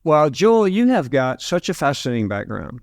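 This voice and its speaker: A man's voice: mid-range voice, sing-song, vocal fry, no echo, clean studio sound. An older man from Alabama with a Southern American accent, hosting an interview podcast in an effusive, repetitive, enthusiastic way. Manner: effusive, repeats himself, drawn-out emphasis. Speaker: podcast host.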